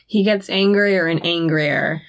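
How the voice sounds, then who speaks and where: A woman's voice: on the low side, unhurried. A woman co-hosting a podcast, chiming in with short reactions during a casual episode recap.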